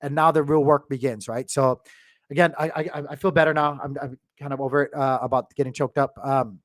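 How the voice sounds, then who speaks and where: A man's voice: medium pitch, steady tone, fairly quick, no room sound. A man hosting a crypto channel, talking casually to his viewers with many restarts and fillers, choked up with emotion.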